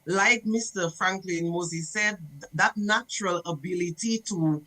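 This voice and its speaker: Brief: lively woman storyteller. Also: fairly low pitch, unhurried, poor audio. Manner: lively, acts out dialogue in the story. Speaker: guest emcee and calypsonian. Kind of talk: radio interview storytelling.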